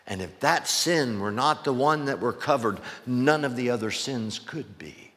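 A man preaching a sermon, reading scripture slowly and deliberately, then pressing a string of urgent questions. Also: medium pitch, lively intonation, fairly bright tone, long reverb tail.

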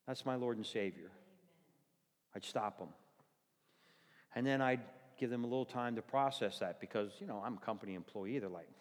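A man preaching a sermon as pastor, telling folksy stories in an animated way in a church. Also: medium pitch, normal speed, long reverb tail.

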